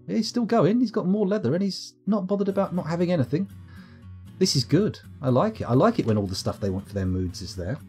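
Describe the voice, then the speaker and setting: A man's voice: on the high side, animated, brisk, dark tone, faint music behind. A British man with a sore throat, chatting and joking self-deprecatingly as he streams a game live from home. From United Kingdom. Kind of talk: live let's-play commentary. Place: at home, upstairs room.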